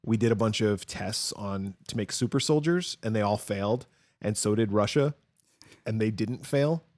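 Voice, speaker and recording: Co-hosting a podcast, a man with a lowish, darkish voice talks at normal speed, swapping rambling, humorous stories in a casual conversation. It's a dry, clean studio recording.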